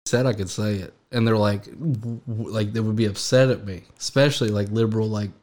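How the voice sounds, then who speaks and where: A man who is a guest on a podcast, bantering in a joking, animated way during casual chat. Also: lowish voice, fairly quick.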